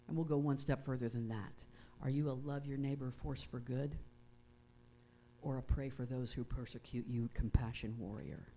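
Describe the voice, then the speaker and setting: A woman pastor giving a conversational sermon, reading prayers slowly and reflectively. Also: very deep voice, steady tone, dark tone, slight background noise. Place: church sanctuary.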